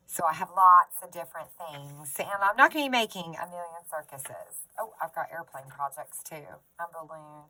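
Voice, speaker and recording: A woman's voice: deep voice, bright, forceful tone, no echo, poor audio. A woman crafter chatting casually as she shows off her book collection, gushing and giggling, recorded on a phone. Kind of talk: casual show-and-tell chat.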